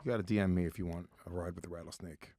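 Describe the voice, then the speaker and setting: A man's voice: deep voice, steady tone, racing, warm tone, no echo. Crude laughing man, dry studio sound. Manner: crude, laughing, blunt jokes. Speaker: podcast co-host. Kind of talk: casual comedy podcast banter.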